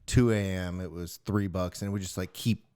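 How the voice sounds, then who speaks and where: Rambling low-voiced man telling stories. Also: steady tone, brisk, dark tone, smooth. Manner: rambling storyteller, lots of filler words. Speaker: podcast co-host. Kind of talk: casual chat over drinks.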